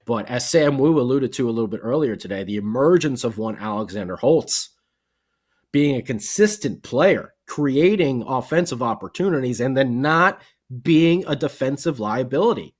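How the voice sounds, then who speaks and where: A man co-hosting a casual sports podcast, excitable and rambling, with lots of fillers. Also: medium pitch, moderate pace. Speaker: podcast co-host.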